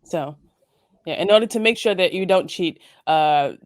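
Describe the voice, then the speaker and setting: A woman's voice: on the low side, moderate pace, no echo, clean studio sound. A young adult woman co-hosting a casual morning show, joking around with mock seriousness. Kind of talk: casual chat.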